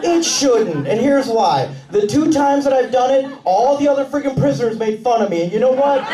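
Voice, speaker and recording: A man doing a stand-up comedy set with a punchy, animated delivery and quick put-on voices. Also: very high voice, background noise. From Mexican family roots. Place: comedy club on stage. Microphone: handheld stage mic. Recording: roomy club sound with laughing crowd, taken from far off. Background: audience laughter.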